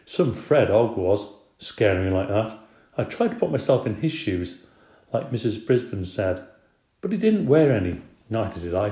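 Male audiobook narrator, low mellow voice, gently expressive, echoey room. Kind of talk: scripted narration. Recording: roomy echo.

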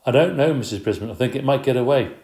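A man voicing a cheeky prankster schoolboy in a storybook reading, playful and raised in pitch. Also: animated, fast, a little mellow, echoey room, natural voice. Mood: innocent.

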